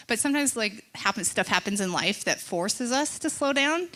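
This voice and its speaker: A woman giving a sermon in a chatty, animated way, telling personal stories and laughing often. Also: fairly high pitch, fairly quick. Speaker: church speaker. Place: church stage.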